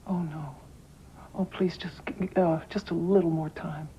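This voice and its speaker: An actress playing a firm, relentless therapist who pushes insistently and then softens to hushed reassurance. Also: female voice, fairly low pitch, steady tone, a little slow, muffled recording, a little hiss or hum, natural voice. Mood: hushed, tender. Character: firm, relentless female therapist, middle-aged. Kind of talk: film drama acting.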